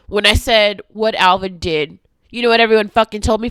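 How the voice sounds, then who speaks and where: A woman vlogger in an angry confessional rant, heavy with swearing, swinging between hushed whispers and shouting. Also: mid-range voice, steady tone, brisk, smooth, no echo.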